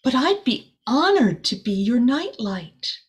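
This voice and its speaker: A woman reading aloud and voicing a humble, polite little male firefly in a whispered role-play, speaking in a hushed and courteous way. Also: a little high, very animated, slow, husky, voice pushed up, heavily acted. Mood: kind.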